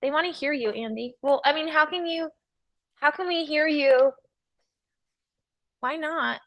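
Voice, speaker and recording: A woman's voice: sits high, a little slow, lo-fi sound. A woman hosting a casual livestream from a studio, chatting and teasing with viewers and crew, often laughing. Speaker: livestream host. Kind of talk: casual chat with live viewers.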